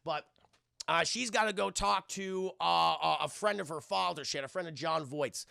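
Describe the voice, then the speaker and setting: A male streamer reviewing a film, swearing freely and tossing asides to his chat. His voice sits high with a gravelly, bright edge. The close mic sounds dry. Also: normal speed, no room sound. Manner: profane, animated, keeps addressing chat.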